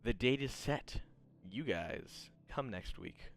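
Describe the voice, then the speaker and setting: A man's voice: medium pitch, animated, takes it slowly, a little hiss or hum. A man narrating as game master in a rambling, playful way that often interrupts itself. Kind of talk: running a tabletop game.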